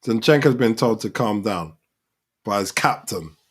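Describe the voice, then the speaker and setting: A man's voice: fairly low pitch, a little slow, breathy edge. A man hosting a live football reaction, talking over the match and calling out the players. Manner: excitable, shouts at players on screen.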